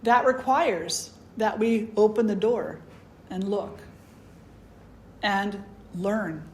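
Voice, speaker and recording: A woman spiritual teacher telling a personal story in a conversational, animated way, full of "you know"s. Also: medium pitch, takes it slowly, a little hiss or hum. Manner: conversational, animated, many fillers. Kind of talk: storytelling talk.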